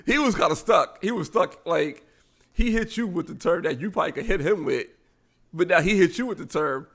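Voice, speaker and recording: Gravelly man telling a story. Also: sits high, brisk. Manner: animated storyteller acting out quotes. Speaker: podcast co-host. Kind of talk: casual storytelling chat.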